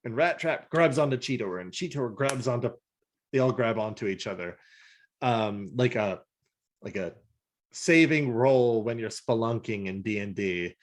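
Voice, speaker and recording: A man co-hosting a casual podcast, animated and laughing as he acts out scenes, swearing freely. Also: mid-range voice, normal speed. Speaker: podcast co-host. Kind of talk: casual podcast chat reviewing a cartoon episode.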